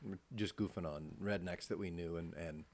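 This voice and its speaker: A man's voice: low voice, fairly even intonation, normal speed, darkish tone. A middle-aged man from Iowa, a voice actor, telling stories in a casual interview, profane and self-deprecating. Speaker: voice actor, guest.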